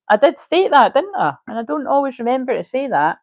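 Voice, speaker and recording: A woman's voice: medium pitch, expressive, fast, few pauses, darkish tone, no room sound, rough recording. A woman giving a casual livestream tarot reading, chatty, swearing freely and laughing often. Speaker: tarot reader.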